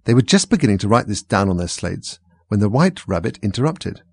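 A male audiobook narrator with a lowish, gravelly voice and a husky edge. He reads steadily and evenly, recorded dry and close. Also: very animated, fairly quick, darkish tone, no echo. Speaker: audiobook reader. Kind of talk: scripted narration.

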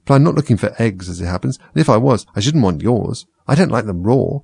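A man's voice: fairly low pitch, expressive, quick pace, gravelly, warm tone, slightly rough, no echo, heavily acted. A man voicing a polite, earnest little girl, puzzled and indignant by turns.

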